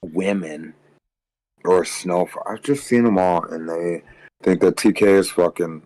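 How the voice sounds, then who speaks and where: Man, lowish pitch, tired, crude and rambling livestream ranter, dry sound. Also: steady tone, a little slow, darkish tone, no echo, poor audio. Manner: crude, rambling, swears constantly, mocks others in high voices. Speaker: livestream co-host. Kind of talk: casual livestream rant.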